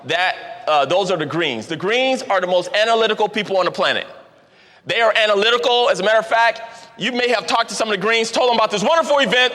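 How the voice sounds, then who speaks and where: Male seminar speaker, high bright voice, energetic and jokey, big hall reverb. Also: fast talker. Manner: energetic, jokey, repeats for emphasis. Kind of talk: motivational seminar talk. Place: large event hall. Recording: long hall reverb from a live event.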